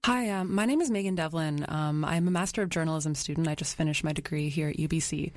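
Casual young woman, low voice. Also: quick pace, dry recording, clean studio sound. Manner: casual, with "um" and "like" fillers. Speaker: journalist, interviewee. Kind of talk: interview recollection.

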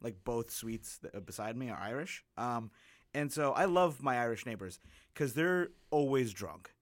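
A man's voice: medium pitch, lively intonation, measured pace, no room sound. A young man who is a comedian tells rambling, laid-back anecdotes on a podcast. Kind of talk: casual storytelling banter.

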